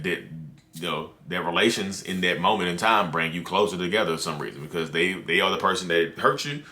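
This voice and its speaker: A man's voice: sits low, pushed and bright. A man chatting loosely to camera as a mental health creator, with lots of "you know" and "like" and frequent restarts. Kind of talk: casual talk to camera.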